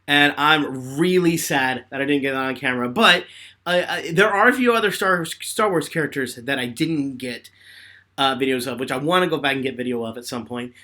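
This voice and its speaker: Animated bright-voiced young man. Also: fairly high pitch. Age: 20s. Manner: animated storyteller, laughs often. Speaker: host answering fan questions. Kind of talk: live question-and-answer chat.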